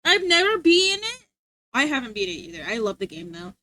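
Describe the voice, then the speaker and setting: A woman's voice: fairly high pitch, very animated, brisk, bright, forceful tone, dry recording. A young adult woman livestreamer chatting casually, rambling and giggling as she reads chat aloud. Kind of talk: casual live-stream chat.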